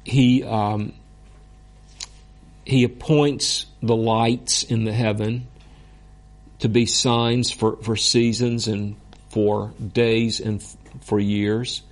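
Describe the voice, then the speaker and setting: A man teaching a Bible course in an earnest, deliberate way, openly moved by what he teaches. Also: on the low side, flat delivery.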